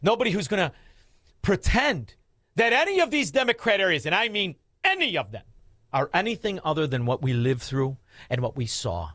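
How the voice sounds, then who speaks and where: Brash animated talk radio host. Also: male voice, sits high, moderate pace, no echo, studio quality. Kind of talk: talk radio banter with callers.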